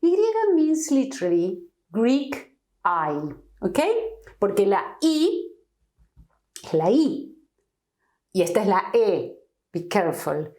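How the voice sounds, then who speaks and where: Slow, careful woman teacher. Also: medium pitch, big pitch swings, dark tone. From Argentina. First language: Spanish. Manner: slow, careful demonstrations of sounds. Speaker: Spanish teacher. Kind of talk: pronunciation lesson.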